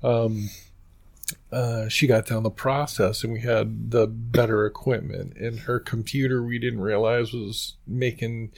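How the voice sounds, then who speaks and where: A man's voice: lowish voice, flat delivery, unhurried, vocal fry. A man co-hosting and editing a podcast, chatting casually in a rambling, apologetic way and often laughing as he talks. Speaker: podcast co-host and editor. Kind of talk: casual chat.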